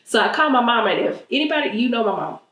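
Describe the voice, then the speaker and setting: A lively woman in her thirties from Texas tells stories with lots of laughter in a fairly high voice. She is at home, and the room gives a roomy echo. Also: fast. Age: 30s. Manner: animated, laughing storytelling. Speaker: vlogger host. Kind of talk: casual storytelling chat. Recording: echoey room.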